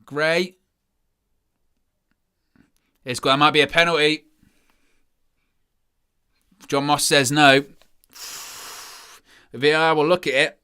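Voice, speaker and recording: A man commentates live over a match, ranting with weary sarcasm about his side. His voice is bright and forward, and his delivery swings between flat disbelief and raised frustration. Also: fairly high pitch, takes it slowly, long pauses, clear, resonant tone. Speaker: fan channel presenter.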